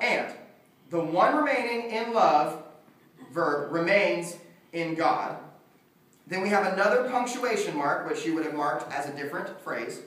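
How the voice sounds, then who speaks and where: A man's voice: high-pitched, a bit bright. A man teaching a Greek class, lecturing and often checking in with his students. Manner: questioning students, checking in with "okay?". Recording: echoey classroom, mic far off.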